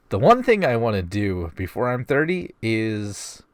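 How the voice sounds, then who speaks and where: Guy in his 20s with a stuffy nose doing a chill q&a vlog, kinda low voice that bounces around a lot, dry close sound. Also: big pitch swings, unhurried, hardly any pauses, a bit bright, no room sound. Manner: wry and self-deprecating. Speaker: vlogger. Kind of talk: casual Q&A vlog.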